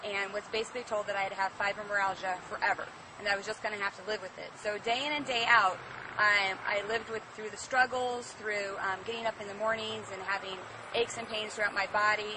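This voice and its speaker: A woman's voice: mid-range voice, flat delivery, brisk. A woman telling a sincere personal testimonial in a plain-spoken way. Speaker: customer giving a testimonial. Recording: distant mic with noisy outdoor ambience.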